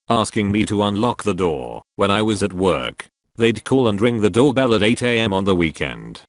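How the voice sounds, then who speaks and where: A man with a lowish voice reads stories aloud in a steady, scripted narration. The sound is close and dry, with no room around it. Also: dry recording.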